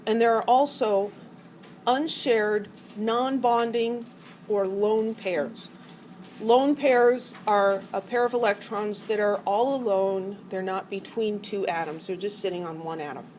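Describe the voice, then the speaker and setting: A middle-aged woman lectures a college chemistry class in a mid-pitched voice. She is playful and acts out the atoms as quarrelling characters. The classroom has a faint hum of noise behind her. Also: unhurried, a little mellow, rough recording. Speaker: chemistry teacher.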